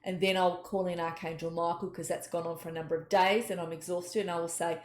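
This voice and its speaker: A middle-aged woman, a psychic giving an earnest, gentle spiritual talk and telling personal stories. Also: lowish voice, little pitch movement, fast talker, few pauses. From Australia. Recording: echoey room, faint noise.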